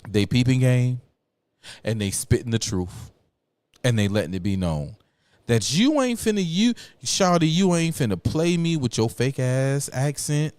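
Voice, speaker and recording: Man, political commentary host, slow deliberate pace, slangy emphatic talk. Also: medium pitch, a little mellow, smooth, dry recording. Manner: slangy, emphatic, repeats lines for effect.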